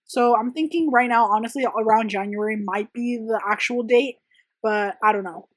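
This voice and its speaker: A young woman talks through viewer questions in a loose, rambling vlog manner, full of "like" and "um" fillers. Her voice sits a little high for a woman. The sound is dry, with almost no room echo. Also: moderate pace. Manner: casual and rambling, many "like" and "um" fillers. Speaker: press-on nail artist and channel host. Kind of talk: chatty Q&A vlog.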